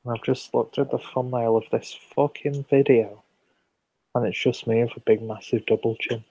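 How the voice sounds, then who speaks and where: An English man hosting a live beer review stream, chatting casually and reading out viewer comments in a relaxed, rambling way. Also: medium pitch, moderate pace, husky, dry recording, low-quality recording. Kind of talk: casual late-night live stream chat.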